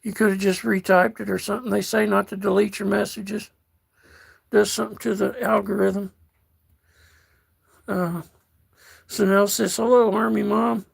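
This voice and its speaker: An older American man hosting a casual livestream, reading out chat messages in a slow, folksy way and calling viewers darling. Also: high voice, little pitch movement, gravelly, breathy edge. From United States.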